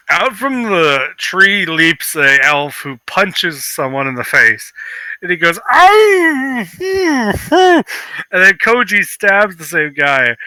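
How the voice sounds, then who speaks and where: A man narrating as game master of a tabletop game, playful and animated. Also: fairly high pitch, clean tone, no echo.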